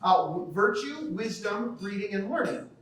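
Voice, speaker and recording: A man's voice: sits high, lively intonation, normal speed, fairly bright tone. A man from the American Midwest giving a conversational lecture at a school banquet, often checking in with the audience by asking "okay?". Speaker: teacher. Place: large banquet hall. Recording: echoey hall, from far off.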